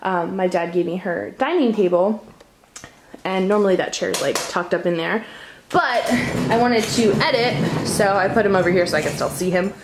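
A woman's voice: mid-range voice, moderate pace, noisy background. Chatty young woman vlogging at home. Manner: rambling, with frequent ums and laughs. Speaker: vlogger and mother. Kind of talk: casual chatty vlog. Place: home dining room, indoors.

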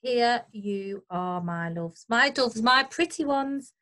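A woman's voice: expressive, slow, exaggerated voice. A woman voicing a fussy farmer's wife who shrieks at birds and coos over her pigeons in a storybook reading. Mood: doting. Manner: shrill shouting, then cooing and doting.

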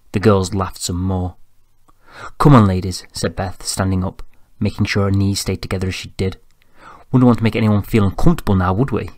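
A man reading an audiobook in an even, measured storytelling voice, close to the mic. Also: on the low side, no room sound. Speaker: audiobook narrator. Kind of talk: scripted narration.

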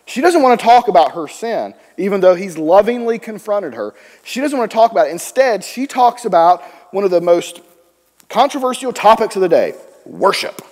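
A man preaching a sermon in a church, telling the story with animated voices for the people in it. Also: sits high, moderate pace, long reverb tail. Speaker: pastor. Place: church sanctuary.

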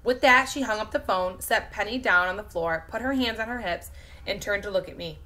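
A woman teacher reads a children's novel aloud to her fifth-grade class with lively expression. Her voice is bright and forward, and she sits at a middle pitch. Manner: lively expressive reading, pausing to talk to a baby and the class. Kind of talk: interactive read-aloud for children.

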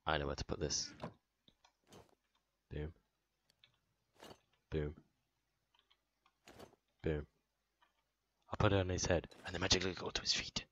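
A man's voice: low voice, steady tone, rapid-fire, few pauses, bright, forceful tone, dull audio. A man hosting a gaming channel, narrating his own moves in a playful let's play commentary with sound effects.

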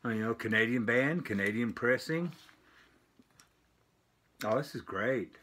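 An older man casually showing off a package of vinyl records, rambling with lots of filler pauses. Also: mid-range voice, lively intonation, fairly bright tone, slightly rough. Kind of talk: casual unboxing vlog. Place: home with dogs barking nearby.

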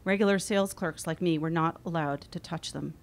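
A woman in her forties reading her own memoir aloud, wry and expressive. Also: low voice, brisk. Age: 40s. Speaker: author.

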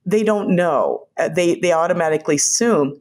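Older woman guest, storyteller, lively anecdotes with quick quoted voices. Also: lowish voice. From United States. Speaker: guest, former White House physician. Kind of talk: conversational storytelling.

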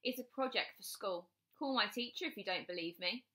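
A woman reading aloud and voicing a young schoolboy who makes quick excuses and whines. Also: medium pitch, pushed and bright, lightly acted. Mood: fibbing. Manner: quick excuses, whiny protests. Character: schoolboy, fibbing and sulky.

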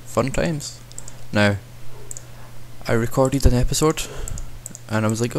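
There's slight background noise as a young man records casual let's-play commentary for his gaming channel. His mid-range voice is slow with fairly even intonation, and he rambles, pokes fun at himself, and talks to himself throughout the game.

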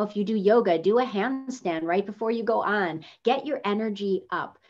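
A woman coaching a workshop on video presence, talking casually and changing her pitch up and down to demonstrate intonation. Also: darkish tone, muffled recording. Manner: casual, with fillers. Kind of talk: teaching workshop.

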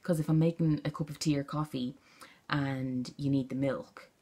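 A woman's voice: extremely low pitch, fairly even intonation, moderate pace, mellow. A young Irish woman chatting casually to camera at home, rambling and easily distracted, with an Irish accent. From Ireland. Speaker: vlogger.

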